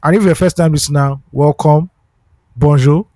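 A Nigerian man co-hosting a podcast in relaxed, chatty talk, slipping into pidgin now and then. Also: on the high side, normal speed, no echo. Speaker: podcast co-host. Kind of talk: casual chat.

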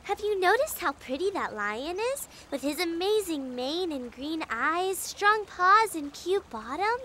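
Rita, a vain giraffe. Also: female voice, very high-pitched, very animated, measured pace, sharp tone, slight background noise, exaggerated voice. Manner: sing-song, self-admiring. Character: vain, dreamy young female cartoon giraffe.

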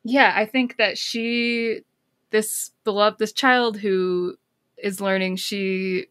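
A woman speaking as a podcast guest, thoughtful and a little rambling. She loops through ideas with lots of filler words and now and then brightens into excited emphasis. Her pitch sits in an ordinary middle range. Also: slow, no echo, clean studio sound. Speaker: guest, counselor and author. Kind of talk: casual podcast conversation.

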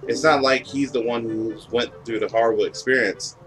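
A man's voice: mid-range voice, steady tone, normal speed, fairly bright tone, lightly acted, low-quality recording. A man reading aloud the lines of a sulky, proud young bird-folk prince from a video game, over game music. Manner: petulant, proud, defensive. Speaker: game dialogue reader.

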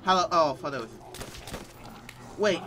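A man's voice: a little high, expressive, slow pace, sharp tone, a little hiss or hum. A teenage male gaming host commenting nervously while he plays, panicky and jittery, with frequent nervous laughter. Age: teens.

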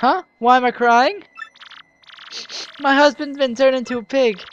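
A woman's voice: high-pitched, fairly even intonation, unhurried, highs cut off, a little hiss or hum. A woman reading aloud the lines of a worried village shopkeeper wife in a game, in a plain voice close to her own. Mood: distraught.

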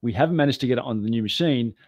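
A man who is the guest on a talk show, telling an animated, self-deprecating story. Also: mid-range voice, racing, no echo. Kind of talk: anecdotal storytelling.

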